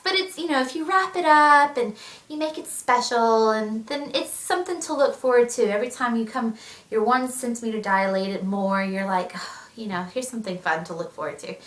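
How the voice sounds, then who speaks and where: A woman's voice: a little high, pushed and bright. A young pregnant woman chatting animatedly in a casual vlog, laughing often. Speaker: vlogger. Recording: echoey room, mic at a distance.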